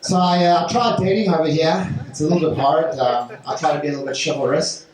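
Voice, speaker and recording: Stand-up comic, male, higher voice, halting and filler-heavy, distant mic in a noisy echoey club. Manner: halting delivery with many fillers. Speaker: stand-up comedian. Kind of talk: stand-up set. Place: comedy club stage.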